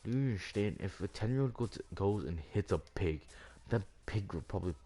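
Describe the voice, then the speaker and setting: Low-voiced man ranting over a game. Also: lively intonation, a little fast, dark tone, slightly rough. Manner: rambling, repeats himself, leans heavily on "like". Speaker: gaming channel host. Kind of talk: rambling rant over gameplay.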